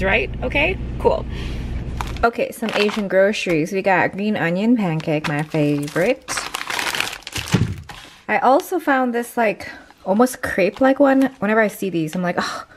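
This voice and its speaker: A woman talking to her viewers in a casual vlog, chatty and full of "like" and "um". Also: on the low side. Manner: chatty, many "like"s and "um"s. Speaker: beauty and lifestyle vlogger. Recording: noisy background.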